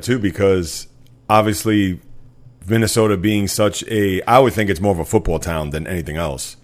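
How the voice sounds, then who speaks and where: A man's voice: deep voice, normal speed. A man hosting a sports podcast, talking casually and at length with lots of fillers. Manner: rambling, filler-heavy, frequent "uh". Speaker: podcast host.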